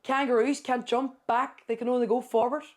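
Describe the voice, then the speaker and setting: A young woman with a Northern Irish accent chats as a podcast guest. She tells stories in an animated way and sounds convinced of every word. Her speech is full of "aye" and "like.". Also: on the high side, a little fast. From Northern Ireland. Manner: animated storyteller, swears to God, says aye and like a lot. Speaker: podcast guest, content creator. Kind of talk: casual chat.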